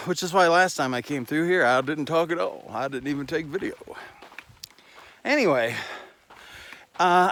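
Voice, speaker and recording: Hiking a desert mountain trail with a handheld camera, this vlogger is worn out and a little winded, rambling in a casual, self-deprecating way with the odd swear word. He has a slightly high, fairly bright voice.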